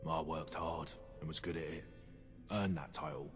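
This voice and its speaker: An actor with a British accent playing a curt, prickly ghoul ammo merchant in video game dialogue, with short, guarded replies. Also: male voice, rumbling low, fairly even intonation, normal speed, a bit bright, soft background music.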